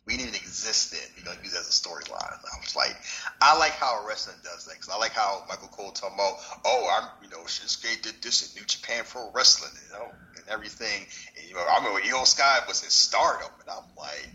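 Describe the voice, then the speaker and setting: A man co-hosting a casual wrestling podcast chat, talking in an animated, rambling, slangy way. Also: lowish voice, quick pace, poor audio.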